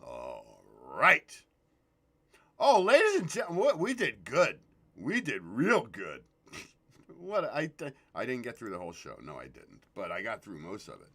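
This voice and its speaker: A man hosting a casual livestream, excitable and profane, greeting viewers in the chat by name. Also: medium pitch, a little slow. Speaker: livestream host.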